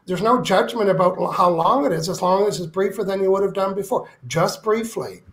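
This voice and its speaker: Brief: man, higher voice with gravel, emphatic guest author acting out examples. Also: brisk, fairly bright tone. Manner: emphatic, acts out quoted complaints. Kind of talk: animated interview talk.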